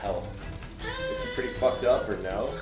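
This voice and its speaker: A man's voice: on the low side, a little fast. A man playing a tabletop role-playing game, casual and swearing, hesitating over what his character should do. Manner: casual, swears, hesitant when choosing actions. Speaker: player. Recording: echoey room with music behind.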